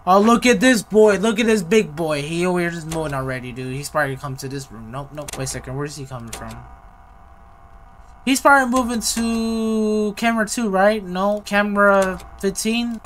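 A man's voice: high-pitched, normal speed, fairly bright tone, soft background music. A young man giving rambling, slang-heavy running commentary as he plays a horror game. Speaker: gaming youtuber.

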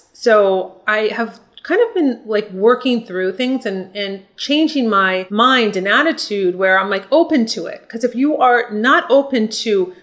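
A woman's voice: mid-range voice, moderate pace, few pauses, a bit bright. An older woman chatting through a makeup tutorial, encouraging viewers she calls ladies. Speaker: beauty vlogger. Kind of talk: casual makeup tutorial chat.

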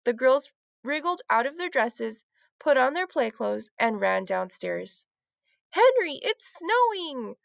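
A woman teacher reading a children's book aloud, with clear, expressive storytelling. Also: a little high, measured pace, dry recording.

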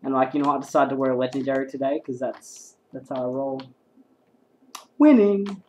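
A man casting a game live, excitable and rambling, swearing constantly. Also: medium pitch, fast talker, a little hiss or hum, low-quality recording. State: hyped up and sleep-deprived. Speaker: game caster.

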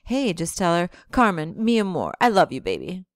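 A woman reading aloud and voicing an excitable teenage boy who talks in brash, hyped-up slang. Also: on the low side, moderate pace, no room sound, studio quality. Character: excitable teen boy, loud, show-off joker.

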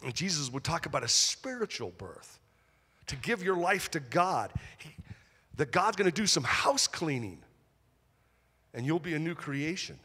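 A man preaching a sermon as pastor, animated, leading the congregation to repeat lines back to him. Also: a little high, a little slow, breathy edge. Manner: animated preaching with call-and-response. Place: church auditorium. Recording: long hall reverb.

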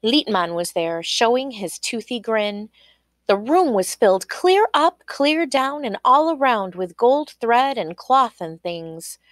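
A woman reading a children's folk tale aloud in an expressive storytelling voice. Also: on the high side, takes it slowly, dry recording, clean studio sound. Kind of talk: storybook read-aloud narration.

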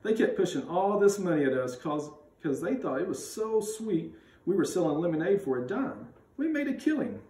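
A man's voice: high voice, very animated, moderate pace, a little mellow. A man reading a storybook aloud and voicing a cocky, playful boy of about ten who boasts. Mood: boastful. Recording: roomy sound, mic at a distance.

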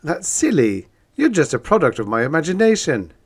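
A man's voice: fairly high pitch, big pitch swings, moderate pace, slightly rough, voice pushed up. A man voicing a nervous male writer in an audiobook, anxious and stammering in a raised voice. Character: nervous jittery male science-fiction writer. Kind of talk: audiobook character voice.

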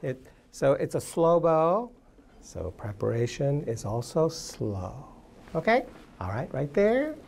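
Slow-spoken woman coaching violin. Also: low voice, big pitch swings, gravelly, loud music behind the voice. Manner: encouraging, short coaching phrases; hums and sings phrases to demonstrate. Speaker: violin teacher. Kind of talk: masterclass coaching. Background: violin playing.

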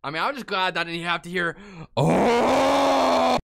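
A man reacting to memes in casual chat, loud and exclamatory, swearing and laughing often. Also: high voice, racing, noisy background. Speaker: meme reaction host.

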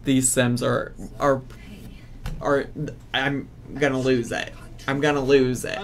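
Man, gravelly voice, slow drawn-out delivery, exasperated gameplay commentary. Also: medium pitch, flat delivery, slight background noise. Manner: exasperated, ranting at game characters. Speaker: gaming streamer.

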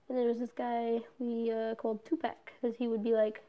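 A woman's voice: on the high side, little pitch movement, moderate pace, lo-fi sound. A young woman in a casual personal vlog, talking candidly, swearing often and trailing off with fillers. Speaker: vlogger.

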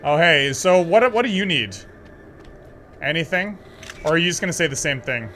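A man commenting on a horror game as he plays, excitable and joking, talking back to the screen. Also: a little high, normal speed, a little hiss or hum. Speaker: gaming channel host. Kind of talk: let's play commentary.

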